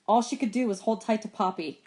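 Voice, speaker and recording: Expressive woman reading a chapter aloud. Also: fairly quick. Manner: expressive reading that voices characters in raised pitch. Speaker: teacher reading aloud to students.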